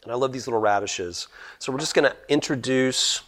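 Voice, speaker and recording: A man talks through a cooking demonstration step by step. His voice sits at a middling pitch for a man, easygoing and conversational. He keeps turning to the viewers as "guys" while he explains what goes into the pot. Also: a little fast, a bit bright. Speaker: guest cook.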